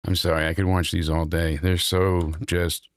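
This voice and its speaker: A man hosting a casual podcast chat, reacting to clips. He swears loudly and his pitch jumps high when he gets worked up. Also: little pitch movement, normal speed, very noisy. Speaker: podcast host.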